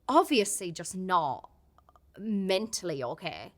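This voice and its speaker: Irish woman, podcast guest, bright forward voice, candid and heartfelt storytelling. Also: lowish voice, unhurried, pauses often. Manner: open and heartfelt, many restarts. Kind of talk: candid casual chat.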